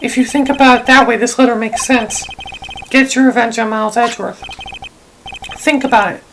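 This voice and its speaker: A woman's voice: a little high, fairly even intonation, moderate pace, noisy background, lightly acted. A woman doing a haunted, grave young prosecutor. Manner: grave, quiet, somber. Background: game music.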